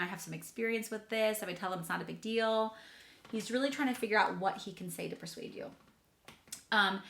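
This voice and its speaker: Bright-voiced, chatty woman teacher. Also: mid-range voice. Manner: enthusiastic, chatty, addresses kids directly. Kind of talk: reading lesson for children. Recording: echoey room.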